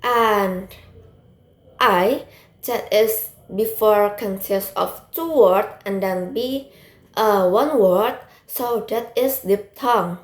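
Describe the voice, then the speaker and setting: A woman's voice: medium pitch, extremely slow. Young woman presenter in a roomy echo. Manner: plain explanatory, with hesitant fillers. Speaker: student presenter. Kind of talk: classroom presentation.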